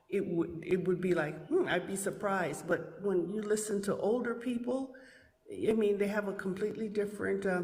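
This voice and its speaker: A woman from the United States calling in, explaining herself politely and at a measured pace. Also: medium pitch, darkish tone, big-room sound. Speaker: caller. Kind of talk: call-in chat.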